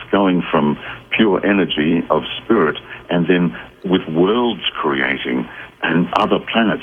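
A man who is a psychic guest on a radio call-in show, explaining in a measured, reflective way with restarts. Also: deep voice. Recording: tinny phone line with faint noise.

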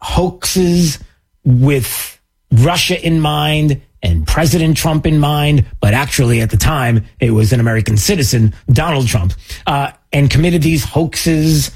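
A man's voice: fairly high pitch, measured pace, a little mellow, breathy edge. A man hosting a political commentary show, sarcastic and mocking, with many filler words.

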